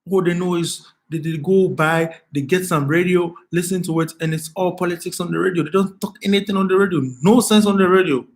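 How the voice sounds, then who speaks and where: A man's voice: high voice, fairly even intonation, fairly quick, hardly any pauses. A man hosting an emotional live stream, speaking with passion and repeating his phrases as he pleads with his viewers.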